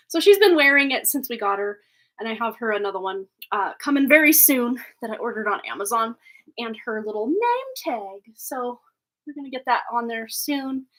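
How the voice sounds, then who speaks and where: A woman's voice: on the high side, fairly bright tone. A woman hosting a tarot livestream, chatting casually and affectionately with viewers, often laughing. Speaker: tarot reader and livestream host.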